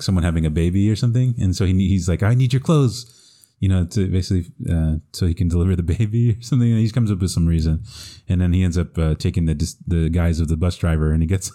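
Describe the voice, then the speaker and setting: Male podcast co-host, low and warm, chatty storyteller who keeps laughing through his recaps. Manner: retells scenes with frequent laughter and fillers. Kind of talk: casual chat.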